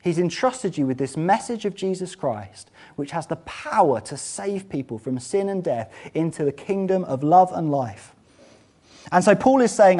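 A man's voice: lively intonation, moderate pace, warm tone. Earnest man preaching a sermon. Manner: earnest, uses rhetorical questions; rises and falls in pitch for emphasis.

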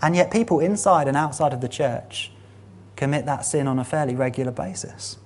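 Husky-voiced preacher. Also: mid-range voice, animated, brisk, a little mellow. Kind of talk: sermon. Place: church meeting room.

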